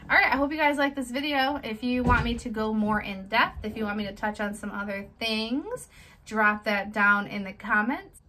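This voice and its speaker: A woman's voice: on the high side, normal speed, sharp tone, slight background noise, rough recording. A woman, a small business owner, giving direct, chatty tips in a casual how-to vlog. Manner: direct, chatty, plain-spoken.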